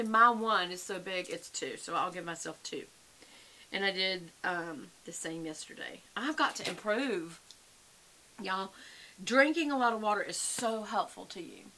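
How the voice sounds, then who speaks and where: Chatty woman with a bright voice. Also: medium pitch, unhurried. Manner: chatty, rambling, addresses viewers as y'all. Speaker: vlogger. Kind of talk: casual chat to camera.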